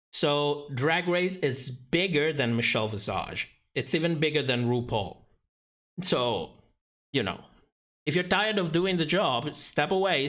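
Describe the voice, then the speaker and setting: A man's voice: fairly high pitch, a bit bright. A man giving sarcastic, profane livestream commentary on a drag competition show, often laughing mid-sentence.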